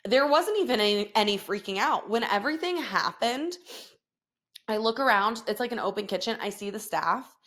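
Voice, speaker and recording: A woman's voice: medium pitch, expressive, normal speed, a bit bright. A woman hosting her own podcast, telling a story in a profane, dramatic, casual way full of fillers. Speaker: podcast host. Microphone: podcast microphone.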